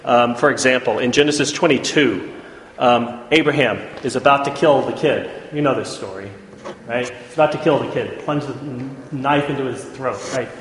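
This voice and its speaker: A man's voice: mid-range voice, normal speed, a bit bright. Chatty male lecturer in echoey hall. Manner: chatty, checks in often with "right?". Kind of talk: informal classroom lecture. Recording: echoey hall, faint room noise.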